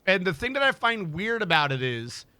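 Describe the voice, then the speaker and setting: A man's voice: high-pitched, big pitch swings, moderate pace, pushed and bright, clean tone. A man streaming, chatting casually and rambling, swearing freely as he tells stories. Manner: rambling, swears freely, acts out dialogue in anecdotes.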